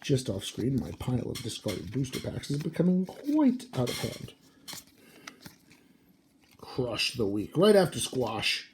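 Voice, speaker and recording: A man's voice: mid-range voice, wildly swooping pitch, unhurried, pauses often, noisy background. A sleepy, yawning man casually reading out card names as he opens booster packs. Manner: reads card names aloud in a muttering, offhand way. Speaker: card-opening video host. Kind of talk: casual card unboxing commentary.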